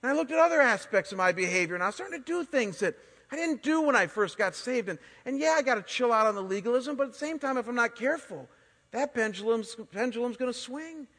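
A man in his forties, a pastor preaching a sermon and telling stories in an animated way, often restarting his words. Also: very high-pitched, quick pace. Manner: animated storytelling with frequent word restarts. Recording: long hall reverb.

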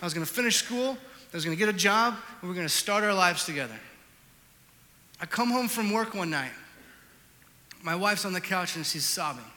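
High, bright-voiced preacher in a reverberant hall. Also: male voice, brisk, pauses often. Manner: animated storytelling, swinging between loud outbursts and hushed reflection. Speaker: pastor. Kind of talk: sermon.

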